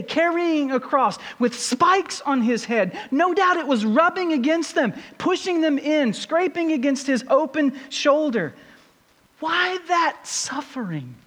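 High-voiced man preaching in a reverberant hall. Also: a bit bright. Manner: rhetorical questions, building intensity. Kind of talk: sermon.

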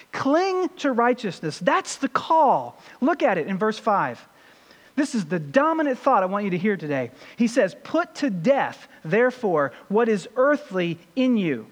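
Preacher with lively, swinging delivery. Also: mid-range voice, long reverb tail. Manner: emphatic, asks the congregation rhetorical questions. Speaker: pastor. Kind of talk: sermon.

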